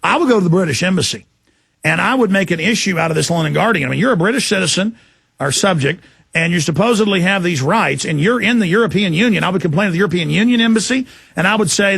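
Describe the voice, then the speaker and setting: A man hosting a talk radio show, forceful and ranting, firing off indignant questions. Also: high-pitched, lively intonation, creaky, a little hiss or hum. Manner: forceful, ranting, rapid-fire. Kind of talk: heated talk radio interview.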